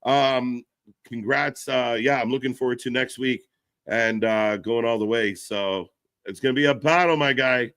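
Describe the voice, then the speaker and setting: A man giving casual live commentary, reacting excitedly and chatting to viewers. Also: unhurried. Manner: excitable, pitch jumps when reacting, chatty asides to viewers.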